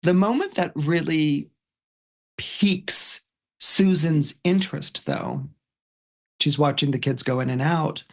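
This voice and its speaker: A man's voice: fairly high pitch, very animated, slow, gravelly. A man on a podcast casually retelling a film's story in a rambling way, with many fillers and restarts. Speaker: astrologer and podcast guest. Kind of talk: casual retelling of a film plot.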